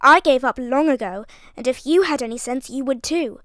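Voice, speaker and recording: A brash, scornful young upper-class man , as a woman puts him on blusters and mocks at full volume. The voice sits fairly high and is recorded dry and close. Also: moderate pace, no echo. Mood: blustering. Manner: loud, blustering and mocking.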